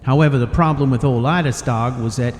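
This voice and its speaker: A man's voice: mid-range voice, brisk, a little hiss or hum, lightly acted. A man voicing a rambling, folksy older male Nord warrior who tells old war stories in a game story. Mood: explaining. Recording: long reverb, faint music behind.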